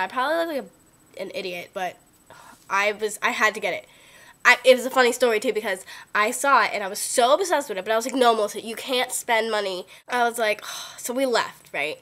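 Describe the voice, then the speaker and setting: A young woman with a cold chatting excitedly about her favorite makeup, gushing and full of "like" and "oh my God", recorded on a computer webcam mic at home. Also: medium pitch. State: sick, voice lower than usual. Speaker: beauty vlogger. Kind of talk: casual chat. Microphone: built-in computer webcam mic.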